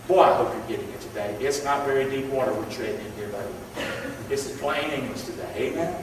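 A man's voice: medium pitch, big pitch swings, a little fast, a little hiss or hum. A male pastor with a Southern US accent preaching a folksy, impassioned sermon with call-and-response in a church sanctuary. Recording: echoey hall, mic far off.

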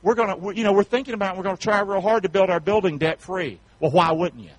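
Preaching fast and expressively with few pauses, this high-voiced Southern man from North Carolina delivers a folksy pastor's sermon. He moves from shouting to quiet asides and keeps asking his flock for amens. The audio is poor, with no room sound.

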